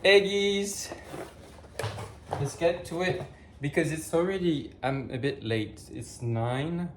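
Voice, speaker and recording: A man's voice: a little high, a little slow, a little mellow, a little hiss or hum. A man chatting casually to his viewers while he cooks breakfast, rambling and correcting himself as he goes, filmed on a camera on a tripod in a home kitchen. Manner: chatty and rambling, with many fillers; self-correcting, thinks aloud. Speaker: vlogger. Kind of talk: casual chat while cooking.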